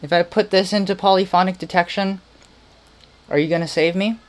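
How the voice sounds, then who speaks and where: A man's voice: sits high, steady tone, fairly quick. A man casually thinking aloud while making music on a livestream, muttering, playful and rambling.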